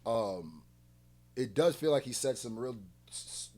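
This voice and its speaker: A man's voice: medium pitch, animated, slow pace. A man hosting a music reaction video, ranting hard with heavy profanity. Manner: heated, profane ranting, often loud. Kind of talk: reaction commentary.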